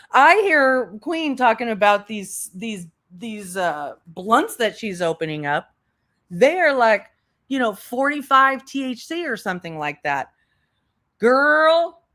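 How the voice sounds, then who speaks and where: A woman's voice: fairly high pitch, fairly bright tone. A woman giving blunt, sarcastic commentary, speaking straight to the person she criticizes. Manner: blunt, sarcastic, addresses the subject directly. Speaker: commentary youtuber. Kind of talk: commentary over clips.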